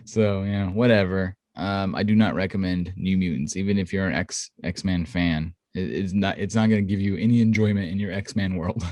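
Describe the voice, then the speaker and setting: A man co-hosting a podcast in casual chat, animated and profane, often laughing. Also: normal speed, hardly any pauses, dry recording. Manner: animated, swears, laughs often, mimics people in high voices. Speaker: podcast co-host.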